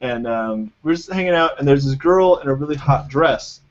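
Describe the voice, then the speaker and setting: A young man on a podcast, joking around and telling a quick story. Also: mid-range voice, lively intonation. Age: young adult. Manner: fast-talking, jokey. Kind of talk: casual chat. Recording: lo-fi live podcast recording.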